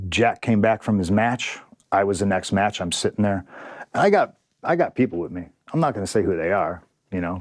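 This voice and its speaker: A man's voice: low voice, no echo. A man being interviewed as a guest, telling a story in a blunt, profane, frustrated way and acting out the dialogue. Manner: acts out quoted dialogue. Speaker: interview guest, pro wrestler.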